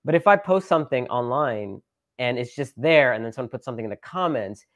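A man's voice: medium pitch, expressive, fairly quick, fairly bright tone, dry recording, clean studio sound. A man, a preacher, talking casually on a live stream, rambling with many fillers and restarts. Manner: repeats phrases with shifting emphasis.

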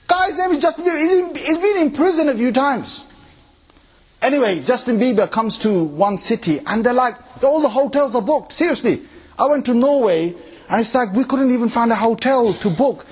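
A man giving an informal sermon to a live crowd in a high, husky voice. His pitch swings widely as he mimics people and puts rhetorical questions to his listeners. The delivery is lively and conversational, not scripted. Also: moderate pace. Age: adult, married with three kids. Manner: animated, mimics people, asks the audience questions. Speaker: preacher.

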